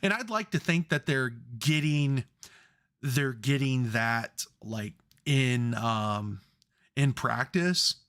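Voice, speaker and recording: A man's voice: mid-range voice, slow pace, a bit bright. A man co-hosting a sports podcast, chatting casually, rambling and swearing freely when worked up. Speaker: podcast co-host.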